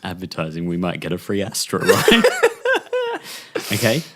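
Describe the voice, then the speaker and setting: Playful low-voiced man spinning a comic tale. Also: wildly swooping pitch, unhurried, fairly bright tone, slight background noise. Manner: playful, spins a silly scene and laughs often. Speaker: podcast co-host. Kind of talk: improvised comic story intro. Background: faint guitar music.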